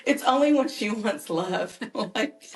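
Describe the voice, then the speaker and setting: A woman's voice: mid-range voice, animated, a little slow. A woman, a mother and caregiver, telling personal stories earnestly and animatedly as a podcast guest. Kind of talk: conversational personal storytelling. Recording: echoey room.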